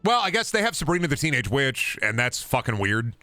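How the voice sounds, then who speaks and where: Lively, bright-voiced male streamer. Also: medium pitch, fairly quick, dry recording, soft background music. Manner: animated, profane, chatting with viewers. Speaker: game streamer. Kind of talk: casual gaming stream commentary.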